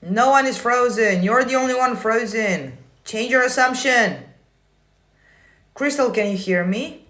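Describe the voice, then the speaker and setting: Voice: medium pitch, expressive, unhurried, a bit bright. A manifestation coach on a casual livestream, reading viewer comments aloud and answering them in a blunt, swearing, teasing way.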